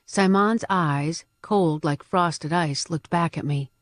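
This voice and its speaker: A woman's voice: deep voice, slow, few pauses, no echo. A woman narrating a first-person audiobook with a dry, wry delivery.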